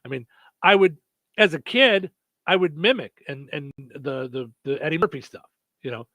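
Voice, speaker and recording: A man's voice: a little high, moderate pace, a bit bright, no room sound. Rambling radio morning show host, man. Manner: rambling, lots of fillers and restarts. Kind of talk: casual radio chat.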